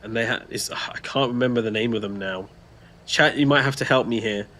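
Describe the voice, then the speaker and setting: A man's voice: mid-range voice, fairly quick, pushed and bright. A man co-hosting a casual gameplay livestream, chatting, laughing often and reading out viewer comments. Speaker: stream co-host.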